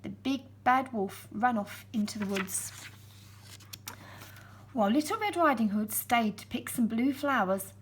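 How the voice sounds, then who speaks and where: A woman reads a children's storybook aloud in a slow, unhurried voice. Her tone is gentle and a little breathy, with a slightly high pitch. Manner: slow, gentle, expressive reading.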